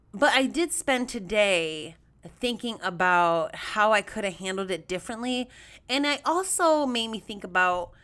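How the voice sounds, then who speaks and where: A woman hosting a podcast, telling a story in a chatty, animated way, addressing her listeners as y'all and acting out quoted voices with big jumps in pitch. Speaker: podcast host. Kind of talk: casual storytelling monologue.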